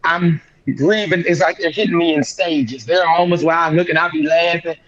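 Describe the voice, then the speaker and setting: Young guy telling a sad story on an interview show, halting, keeps repeating himself, muffled sound, crowd noise in the back. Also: on the high side, steady tone. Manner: halting, repeats himself, voice rises when reliving shock. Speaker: guest singer.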